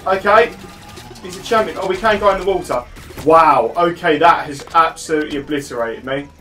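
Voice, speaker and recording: Male gameplay commentator, upper-middle pitch, casual and excitable, stumbles a little when reading aloud. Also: fairly quick, faint music behind.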